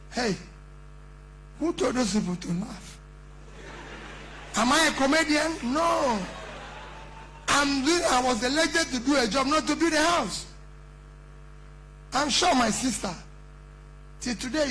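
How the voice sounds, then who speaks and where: Middle-aged nigerian guy giving a fired-up campaign speech, really high voice, keeps firing off rhetorical questions. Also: lively intonation, measured pace, pauses often, pushed and bright, slight background noise, poor audio. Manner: emphatic, rhetorical questions, repetition. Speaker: politician addressing a conference.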